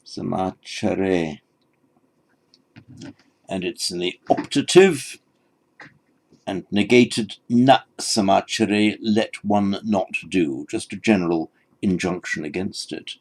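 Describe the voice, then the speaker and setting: A man's voice: low voice, a little slow, husky. A man lecturing on the meaning of old scripture, explaining word by word in a thoughtful way with frequent restarts. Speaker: teacher. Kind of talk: textual lecture on Pali scripture.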